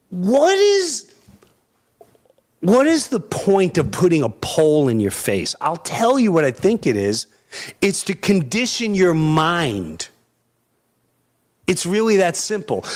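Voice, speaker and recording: A middle-aged man delivers an impassioned monologue. His voice sits fairly high and climbs into loud, sarcastic peaks as he repeats his points. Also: very animated, a little slow, long pauses. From Long Island, New York. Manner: builds to loud rhetorical peaks, sarcastic repetition. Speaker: podcast speaker.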